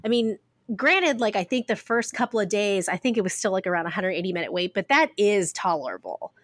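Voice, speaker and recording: A woman's voice: mid-range voice, expressive, brisk, no echo. A woman co-hosting a podcast, chatting casually with lots of fillers. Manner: chatty, uses many fillers. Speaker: podcast co-host. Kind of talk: casual chat.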